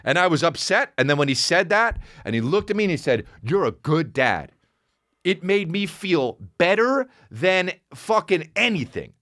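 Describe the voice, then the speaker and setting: A man in his forties hosting a podcast, telling a rambling, profane story and jumping into high voices for quotes. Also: big pitch swings, normal speed, hardly any pauses, fairly bright tone, no room sound, studio quality. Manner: rambling and profane, acts out quotes with big pitch jumps. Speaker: podcast host. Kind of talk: casual monologue.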